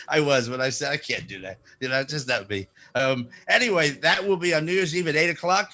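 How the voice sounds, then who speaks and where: Male radio host, Jersey accent, bright tone, rambling comic patter. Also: a little high, brisk. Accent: New Jersey. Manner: joking, rambling, self-interrupting. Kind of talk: casual radio chat.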